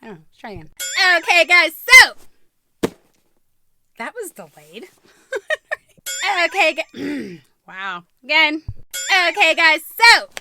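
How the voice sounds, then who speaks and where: A woman's voice: high voice, very animated, a little slow, pushed and bright, slight background noise. A woman hosting her own vlog, chatting casually to camera, bubbly and laughing at her own flubbed lines as she retakes them. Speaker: vlog host.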